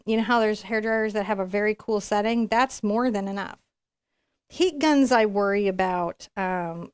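A woman's voice: mid-range voice, clear, resonant tone, no echo, clean studio sound. A woman giving a live painting tutorial, chatting and encouraging as she works and thinking aloud. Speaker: painting instructor.

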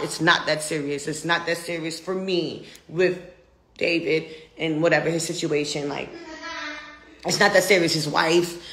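A woman's voice: mid-range voice, creaky, fairly bright tone, roomy sound. An American woman ranting defiantly in a casual live video, brash and profane. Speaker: social media personality.

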